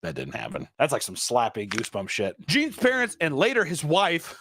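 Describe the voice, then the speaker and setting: A man with a slightly high, wildly swooping voice reads a creepy story and breaks off into sarcastic, profane jokes. His comedic delivery leaps between high and low. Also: wildly swooping pitch, moderate pace, a bit bright, a little hiss or hum. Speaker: podcast host. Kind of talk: comedic reading and riffing.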